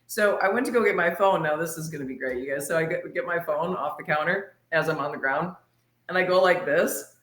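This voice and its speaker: A woman telling a personal story on a podcast in a lively, laughing way. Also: deep voice, a little fast, echoey room. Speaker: podcast guest. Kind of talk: casual storytelling.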